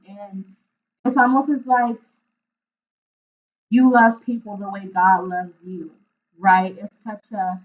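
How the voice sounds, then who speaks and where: An earnest woman talks through a tarot reading at a middling pitch, often stopping to find her words and checking in with "right?". Her voice comes through thin and narrow, like a phone line. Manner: emotional, searching for words. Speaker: intuitive tarot reader.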